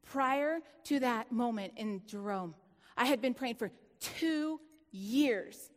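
A woman preaching a sermon, telling a personal story with lively laughter and sudden hushed, dramatic drops. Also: fairly high pitch, slow pace, in a large hall.

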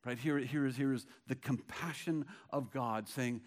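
A man preaching a sermon, shifting between hushed, slow words and loud bursts, and acting out the dialogue of Bible stories. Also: medium pitch. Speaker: pastor.

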